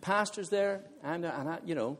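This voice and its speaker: A visiting preacher, a man with a slightly high voice at a moderate pace, tells a funny personal story during his sermon. He is animated and laughs often as he addresses the congregation.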